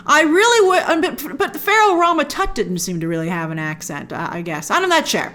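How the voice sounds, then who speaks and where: Film-review host, female, high and very lively, gushes and exclaims. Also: a little fast, hardly any pauses. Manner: excitable, gushing with sudden high exclamations. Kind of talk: casual film breakdown to camera.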